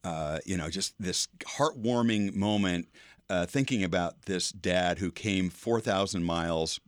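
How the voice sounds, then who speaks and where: A man's voice: sits low, a little slow, no echo, clean studio sound. An older man hosting a radio segment, telling a casual, chatty story with curious asides and frequent laughs. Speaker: radio feature host.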